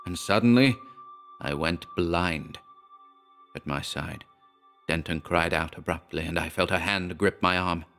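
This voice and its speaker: Horror audiobook reader: very low-pitched man, measured and dramatic. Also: a bit bright, soft background music. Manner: measured, dramatic first-person storytelling. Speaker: audiobook narrator. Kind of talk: scripted horror narration.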